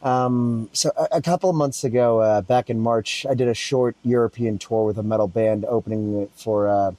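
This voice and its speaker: Male podcast host, mellow and hesitant, on a dry, close mic. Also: medium pitch, fairly even intonation, normal speed, no room sound. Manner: hesitant, lots of "uh" and restarts. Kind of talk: casual chat.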